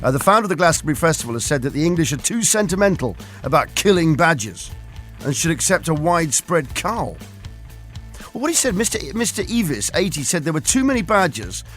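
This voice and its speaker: A man hosting a radio show, quick and jokey, laughing often through the banter. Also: on the high side, big pitch swings, a bit bright, soft background music. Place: radio studio.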